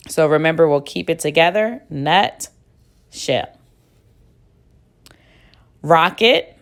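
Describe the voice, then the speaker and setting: A woman with a deep, low-pitched voice leads a phonics lesson at a very slow pace. She sounds out each word patiently, splitting it into syllables and spelling it letter by letter. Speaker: teacher.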